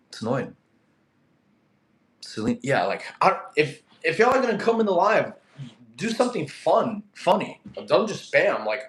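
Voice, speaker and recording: A young Russian fitness streamer with a voice on the high side reads his live chat, animated and quick to get annoyed at spammers. The room is echoey.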